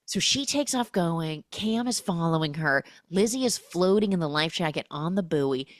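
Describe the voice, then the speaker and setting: A woman with a low, grounded voice hosts a casual podcast recap. She tells the story in a chatty way and jumps into the characters' lines with sudden swings in pitch. The sound is close and dry, with no room around it. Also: animated, moderate pace, no room sound. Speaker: podcast host recapping a film.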